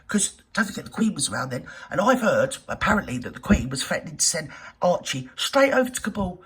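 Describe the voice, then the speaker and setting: Camp lady doing reaction vids, sarcastic and theatrical, pitch all over the place. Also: sing-song, fast talker, far from the mic. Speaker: reaction video host. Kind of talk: sarcastic comic commentary.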